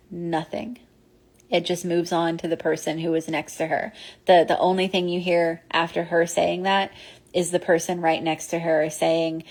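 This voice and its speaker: A woman telling a personal ghost story in a casual, rambling way, full of fillers and restarts. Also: lowish voice. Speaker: podcast host.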